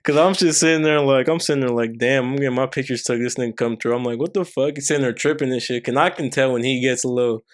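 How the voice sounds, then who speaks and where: A man's voice: medium pitch, fast talker, few pauses. A laid-back man co-hosts a casual podcast chat. He laughs often and curses freely as he adds to a shared story. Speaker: podcast co-host.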